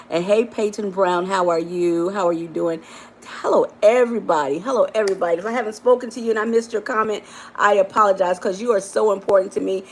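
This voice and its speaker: Her intonation fairly even and her pace fast, a life coach talks on a live stream with slight background noise. She's affectionate and emphatic, repeats herself often, calls people baby and honey, and rises to high exclamations.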